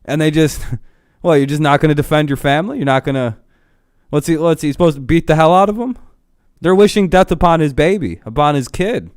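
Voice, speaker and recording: A man's voice: fairly high pitch, fairly quick, clear, resonant tone, no room sound, studio quality. A young man ranting casually to his live-stream chat, swearing a lot, laughing often and getting heated.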